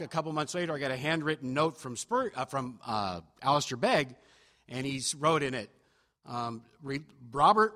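In a church sanctuary, a man preaches a sermon, telling stories in a chatty, self-deprecating style full of fillers and restarts. His voice is fairly high-pitched with a sharp tone, and the hall is reverberant.

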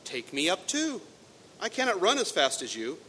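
A man's voice: huge pitch swings, normal speed, bright, forceful tone, exaggerated voice. A man reading a fairy tale aloud and voicing a talking male frog who bargains in old-fashioned, coaxing speech. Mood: pleading. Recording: echoey hall, faint rumble.

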